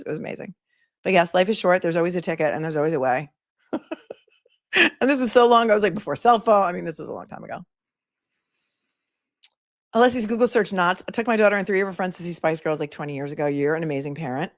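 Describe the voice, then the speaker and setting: Chatty middle-aged woman, low dry voice. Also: expressive, quick pace, long pauses, no echo. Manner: chatty, reads viewer comments aloud. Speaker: attorney and livestream host. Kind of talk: casual livestream chat.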